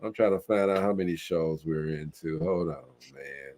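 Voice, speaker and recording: A man's voice: extremely low pitch, normal speed, darkish tone, a little hiss or hum. A man hosting a live online telethon, chatting casually and joking in slang with his co-hosts over a video call. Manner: laid-back, joking, slangy. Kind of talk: casual banter on a livestream.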